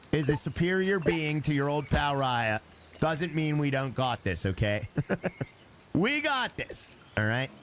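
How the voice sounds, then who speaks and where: A man's voice: fairly high pitch, a bit bright, a little hiss or hum. A man playfully chatting with his viewers while streaming a building game, joking as he plays. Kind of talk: casual live game commentary.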